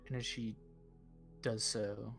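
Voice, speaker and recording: A man playing a tabletop game, describing his character's actions in casual chat and bursting out loudly over dice rolls. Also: fairly low pitch, takes it slowly, creaky, soft background music. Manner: excitable, loud bursts when rolling dice. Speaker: player.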